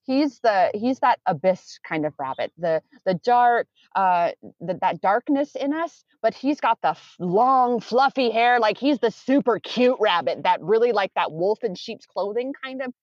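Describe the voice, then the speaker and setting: A woman's voice: a little high, animated, measured pace, hardly any pauses, darkish tone, no room sound. A woman who works with clients, talking in a meandering, earnest way and often correcting herself mid-sentence in a conversational interview. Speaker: coach with clients. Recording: dull lo-fi sound.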